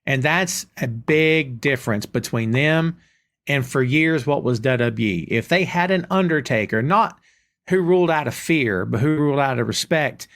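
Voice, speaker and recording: A man's voice: medium pitch, lively intonation, moderate pace, a bit bright. A man hosting a podcast, talking in an opinionated, casual way straight to his listeners. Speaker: podcast host. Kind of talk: casual chat.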